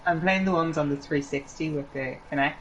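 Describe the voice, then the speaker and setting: Low-voiced woman, crowd noise behind. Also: rough recording. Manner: supportive, quick reactions. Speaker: co-op streamer. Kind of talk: casual chat while gaming.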